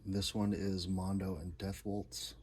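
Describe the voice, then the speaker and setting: Low-pitched and a little mellow, the man's voice barely moves in pitch and keeps a measured pace. He casually presents his records in short, laid-back, repetitive bursts of enthusiasm, with noticeable background noise audible.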